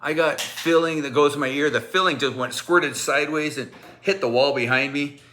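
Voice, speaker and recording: A male teacher telling a funny anecdote in a casual, animated way, laughing often and acting out the kids' voices. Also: on the high side, normal speed, slight background noise.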